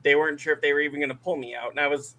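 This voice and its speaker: A married man co-hosting a casual podcast, telling a story with a slightly raised, very bright voice. He acts out everyone he quotes and laughs along. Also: a little high, fairly even intonation, racing. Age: adult, married. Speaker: podcast co-host.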